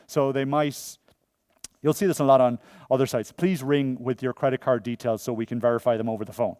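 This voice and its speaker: A man giving a conference talk and taking audience questions, jokey and animated, often telling funny stories and acting out the voices of the people in them. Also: medium pitch, no room sound, studio quality. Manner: animated, acts out quoted voices. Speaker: conference speaker. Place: conference room before an audience.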